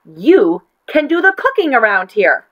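A woman voicing a small, sharp-tongued female weasel cook with a hoarse voice, in a storybook reading. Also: a little high, very animated, unhurried, highs cut off, pitched above the performer's own voice. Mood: snapping. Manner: snappish, shouting.

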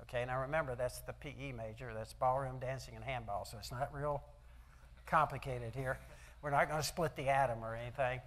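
A man's voice: medium pitch, steady tone, fairly quick, a bit bright. An older man giving a motivational talk at an event, telling folksy personal stories and asking the audience rhetorical questions. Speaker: speaker at an event. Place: event hall.

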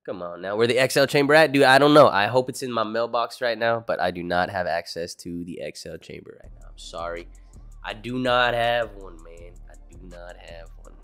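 A relaxed young man talks to his stream chat in a somewhat low voice, drifting from thought to thought and swearing freely. Faint music plays quietly underneath him. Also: brisk, smooth. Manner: laid-back, rambling, swears a lot. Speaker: livestreamer. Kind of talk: casual stream chat, answering chat.

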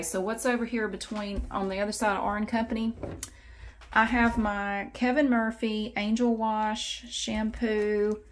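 A woman's voice: medium pitch, a little hiss or hum. Chatty woman vlogging at home. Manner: chatty, slips into sing-song baby talk with her cats. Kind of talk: casual home vlog chat. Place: at home, in a bathroom.

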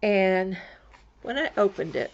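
A woman from Florida rambles through her crafting vlog, starting sentences over and trailing off. Her voice has a gravelly edge. The home recording sounds dull and lo-fi. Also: mid-range voice, expressive, takes it slowly, a little hiss or hum. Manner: rambling, chatty, many restarts. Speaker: crafting vlogger. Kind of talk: casual chatty vlog.

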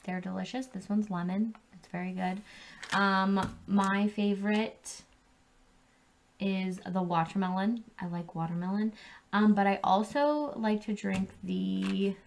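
Young woman vlogger, unhurried, profane, rambly, faint background hiss. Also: mid-range voice, steady tone, creaky. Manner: laid-back, swears freely, rambling with many ums. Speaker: vlogger reviewing drinks. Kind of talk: casual profane vlog chat. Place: at home.

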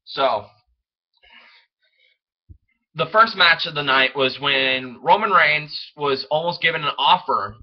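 An excitable young man rambles through his thoughts in a fairly high voice, tripping over words as he goes. The sound is dull and lo-fi, like a cheap home recording. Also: takes it slowly, long pauses. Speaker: wrestling fan vlogger. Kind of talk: casual solo commentary.

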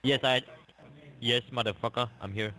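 A man's voice: mid-range voice, steady tone, moderate pace, sharp tone. A man on a phone call posing as an agency caller, insulting and combative. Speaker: phone scammer.

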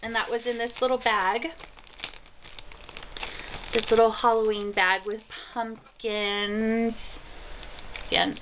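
A bubbly woman in her thirties shows off gifts in a casual home vlog, gushing and delighted, her voice fairly high and her speech slow and drawn out. The audio is tinny and narrow, like a phone line, from a built-in camera mic with a faint hiss behind her. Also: level tone. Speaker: vlogger. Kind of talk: casual mail haul vlog.

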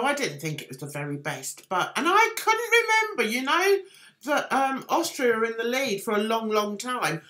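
Woman, live-stream host, chatty and rambling, lively bright voice, slow delivery, faint music behind. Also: on the high side. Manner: chatty, rambling, self-deprecating, reads chat aloud. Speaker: livestream host. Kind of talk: casual live-stream chat.

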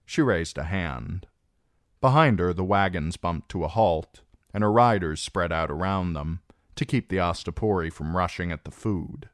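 A man narrating an audiobook in a measured, expressive way. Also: low voice, dry recording, studio quality. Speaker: audiobook reader.

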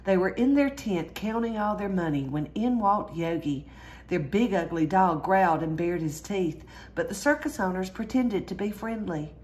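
A woman reading a children's storybook aloud in a lively way, jumping higher for the characters' cries. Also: moderate pace. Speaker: storyteller reading a picture book.

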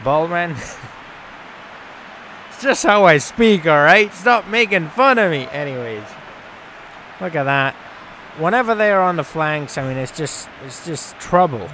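Brief: male gaming YouTuber, high-pitched and excitable, cursy and jokey, faint hiss in the background. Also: measured pace, pauses often. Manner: excitable, swearing, jokey, talks to viewers. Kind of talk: casual gameplay commentary.

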